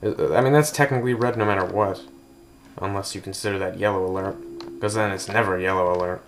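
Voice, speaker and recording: A man's voice: low-pitched, steady tone, fast. A man casually touring a game build, rambling and joking with goofy asides. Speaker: gameplay video host.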